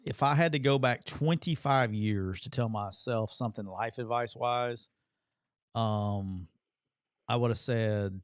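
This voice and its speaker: A man who co-hosts a radio call-in show and once coached college football, speaking in an earnest, reflective way with pauses. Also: medium pitch, clean tone, no echo, clean studio sound. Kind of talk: casual radio call-in chat.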